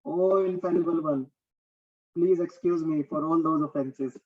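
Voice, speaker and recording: A man's voice: fairly high pitch, steady tone, a little slow, a little mellow, distant mic. A man voicing a remorseful warrior who earnestly pleads with his god in a lecture. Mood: pleading. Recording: dull lo-fi recording.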